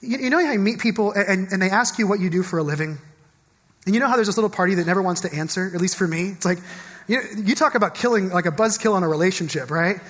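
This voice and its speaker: A man's voice: high-pitched, fast talker, a bit bright, big-room sound. A man preaching a sermon as pastor, speaking conversationally and often stopping to ask the congregation questions. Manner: conversational, repeats words and asks the congregation questions. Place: church sanctuary.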